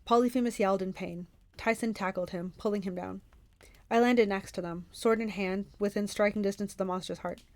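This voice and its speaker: A woman reading a novel aloud for a book club, in steady first-person narration. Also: medium pitch, fairly quick, no room sound.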